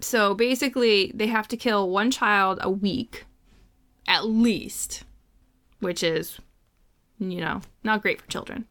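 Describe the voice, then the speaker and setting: A woman's voice: medium pitch, slow, pauses often, fairly bright tone. A woman co-hosting a podcast, summarizing a book in casual chat with frequent fillers. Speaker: podcast co-host.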